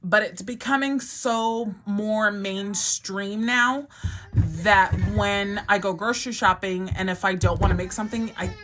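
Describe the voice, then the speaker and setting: A woman's voice: medium pitch, unhurried, fairly bright tone. A woman in her thirties, a mother vlogging in a casual, rambling way with many fillers and frequent laughs. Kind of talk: casual chat to camera.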